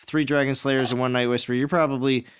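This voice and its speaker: A man's voice: mid-range voice, level tone, fast talker, slight background noise. A man hosting a casual gaming livestream, reading chat aloud and laughing often with his friends. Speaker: stream host.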